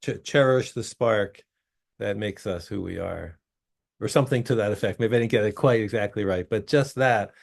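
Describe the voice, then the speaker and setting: A man's voice: on the low side, moderate pace, creaky. A man moderating a poetry reading event, speaking casually with some fillers.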